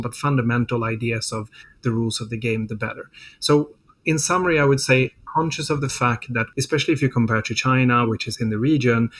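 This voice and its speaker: A middle-aged man giving a diplomat's answers in a policy interview, with a voice in the middle of the usual male pitch range. He speaks in a measured, thoughtful way and leans on "you know" as he builds each point. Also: fairly bright tone.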